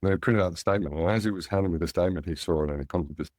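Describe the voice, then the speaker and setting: Aussie guy in his 50s spinning a yarn in an interview, low voice, dry close mic. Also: rapid-fire, dry recording. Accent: Australian. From Australia. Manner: anecdotal, animated when quoting others. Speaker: guest, angel investor. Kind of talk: relaxed storytelling interview.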